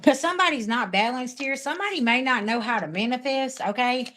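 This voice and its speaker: Brief: woman, spiritual live-streamer, sassy and blunt with viewer comments, voice sitting a bit high. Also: lively intonation, brisk, fairly bright tone, slight background noise. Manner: sassy, blunt, talks straight back at chat comments. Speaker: spiritual reader livestreaming to viewers.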